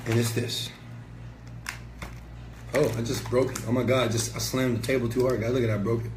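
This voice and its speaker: A man's voice: mid-range voice, flat delivery, a little fast. A man giving a passionate, preachy motivational talk to camera as an entrepreneur and mentor, emphatic and sometimes swearing. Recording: echoey room with faint ambient noise.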